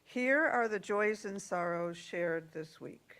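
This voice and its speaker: Slow, gentle woman leading worship. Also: medium pitch. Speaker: worship service leader.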